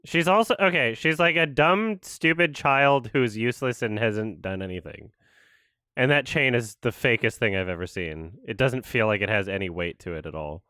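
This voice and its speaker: A man's voice: mid-range voice, moderate pace, bright, forceful tone, smooth, no echo, clean studio sound. A man hosting a casual watch-along, commenting sarcastically and mocking what he sees on screen. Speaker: host.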